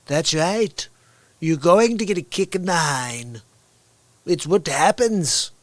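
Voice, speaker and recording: A boastful older president figure, as a man puts him on, taunting and talking about himself in the third person. The voice sits a little high and sounds close and dry. It plays as a comedy celebrity impression. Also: animated, slow pace, no room sound. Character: blustering older male tycoon-president impression.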